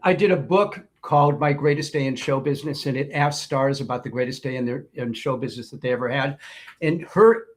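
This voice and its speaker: A man, a writer and producer guest, telling anecdotes in an interview with an animated manner. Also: medium pitch, brisk. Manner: animated storyteller.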